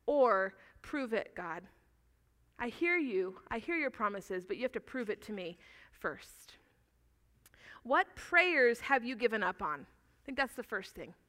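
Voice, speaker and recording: A woman pastor preaching a sermon, earnest and animated, telling stories and asking the congregation questions. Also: on the high side.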